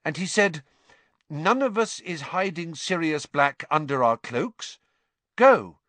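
A man's voice: sits high, a bit bright, dry recording, pitched above the performer's own voice, full character voice. A man reading an audiobook, voicing a clever teenage girl who speaks in an earnest, anxious way. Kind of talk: audiobook character voice.

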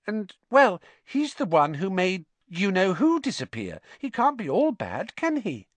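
A man's voice: sits high, wildly swooping pitch, unhurried, no echo, pitched above the performer's own voice, heavily acted. A man voicing an anxious, uncertain young schoolgirl with pigtails.

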